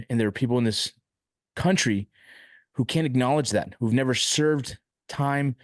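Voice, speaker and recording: A man's voice: medium pitch, moderate pace, no room sound, studio quality. A man hosting an interview podcast, speaking with emotion and frustration and often stopping and restarting. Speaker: podcast host.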